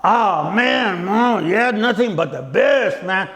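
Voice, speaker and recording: A man voicing a relaxed, stoned young male Marine who drawls slang in a mellow way. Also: sits high, slow pace, roomy sound, heavily acted. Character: laid-back young Chicano Marine, stoned and grinning.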